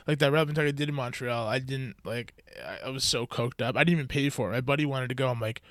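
A man's voice: medium pitch, quick pace, fairly bright tone, no echo. Crude, rambling man with a dry mic. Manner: crude, rambling, laughs a lot. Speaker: podcast host. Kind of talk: casual chat.

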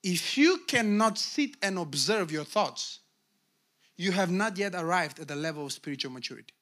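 Middle-aged guy preaching a sermon, really high bright voice, swings from low asides to shouting. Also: expressive, normal speed. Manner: emphatic, calls to the congregation. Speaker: pastor.

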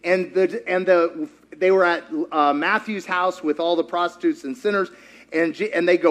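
A man preaching a sermon, animated, quizzing the congregation and acting out quotes. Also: high voice, normal speed. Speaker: pastor.

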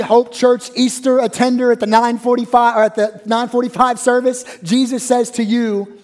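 Male pastor, high voice, church sermon, loud peaks then hushed drops. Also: normal speed. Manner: dramatic swings from loud high peaks to hushed low phrases.

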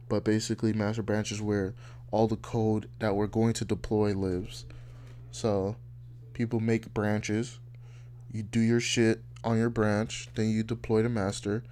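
A man's voice: mid-range voice, a little mellow. Young guy venting on his podcast, swears a ton, blunt and heated. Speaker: podcast host. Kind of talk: casual rant.

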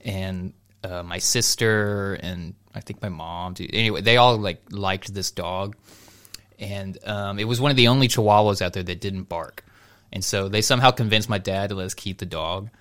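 A man's voice: deep voice, normal speed, fairly bright tone, smooth. A young man casually telling a long story on a podcast, rambling with restarts and breaking into laughter. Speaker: podcast co-host.

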